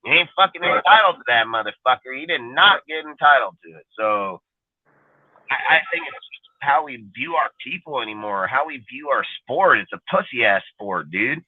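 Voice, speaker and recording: A man's voice: mid-range voice, lively intonation, moderate pace, husky, dry recording. A man ranting bluntly and profanely in a casual podcast chat. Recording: dry phone-line sound.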